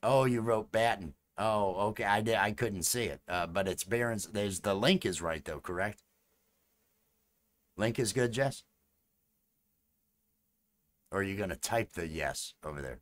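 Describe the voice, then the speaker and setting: Low-voiced man chatting on a live stream. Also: a little slow, long pauses. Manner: rambling, repeats phrases, chats with viewers. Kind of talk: casual live-stream chat.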